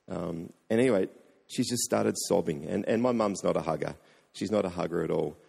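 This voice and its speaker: Man, 40s, pastor preaching, earnest storytelling, low gravelly voice, long hall reverb. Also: darkish tone. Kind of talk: sermon.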